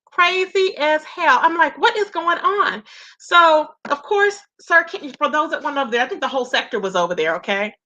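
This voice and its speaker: A woman's voice: sits high, animated, fairly quick, sharp tone. A woman hosting a casual livestream about online drama. She chats freely and greets viewers by name. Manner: chatty, greets viewers by name, calls them "baby" and "y'all". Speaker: livestream commentary host. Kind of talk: casual livestream gossip commentary.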